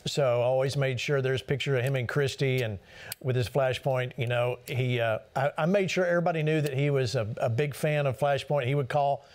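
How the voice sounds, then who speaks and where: A man's voice: mid-range voice, fairly even intonation, fairly quick, a little mellow. A man from Georgia with a Southern accent, hosting a talk show with folksy, rambling stories. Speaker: host. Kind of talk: casual tribute chat.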